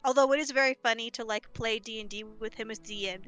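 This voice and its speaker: A woman's voice: a little high, fairly even intonation, fast talker, fairly bright tone, faint music behind. A woman with a nasal voice, chatting and joking casually while co-hosting a game stream. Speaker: streamer, co-host. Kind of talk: casual gaming chat.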